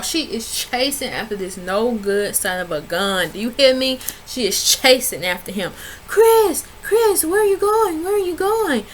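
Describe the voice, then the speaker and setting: A woman recapping a reality show in a casual vlog, telling it with sass and leaping up in pitch whenever she quotes people. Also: a little hiss or hum. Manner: animated, sassy storytelling with big pitch jumps when quoting people. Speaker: reality TV reviewer.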